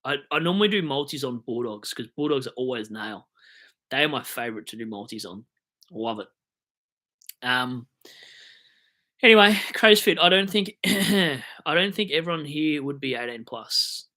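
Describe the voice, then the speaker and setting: A man's voice: medium pitch, lively intonation, moderate pace, pushed and bright. Chatty young Australian man streaming. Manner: rambling, jokey, reads out chat comments. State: hiccupping. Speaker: fantasy football streamer. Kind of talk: casual live-stream chat.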